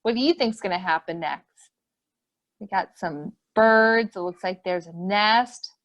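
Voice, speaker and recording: A woman hosting a children's webinar, reading a picture book aloud and asking young children lots of questions with excited gasps. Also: medium pitch, a little slow, muffled recording. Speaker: children's program host. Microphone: webinar computer mic.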